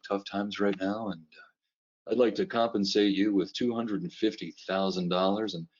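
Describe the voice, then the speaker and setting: Generous earnest tv boss, put on by a man, low, sincere, lo-fi audio. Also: natural voice. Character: lavish, heartfelt male American TV boss.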